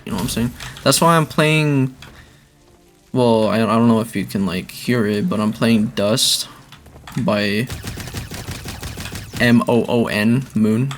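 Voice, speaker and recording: A young man casually talking through a zombie game he is playing, rambling between bursts of excitement. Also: mid-range voice, unhurried, vocal fry, long pauses, slight background noise. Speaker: gaming video creator. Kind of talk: casual gameplay commentary.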